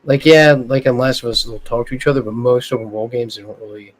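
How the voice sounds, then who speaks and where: A man co-hosting a casual gaming podcast, giving relaxed opinions full of fillers. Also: mid-range voice, fast, low-quality recording. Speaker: podcast co-host.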